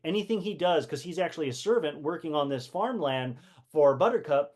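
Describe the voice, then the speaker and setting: A man with a fairly high voice talks casually to a live audience about books. He asks the listeners rhetorical questions and often restarts his sentences with fillers. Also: animated, fairly quick, a little mellow. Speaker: host of a community book session. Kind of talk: casual live-stream talk.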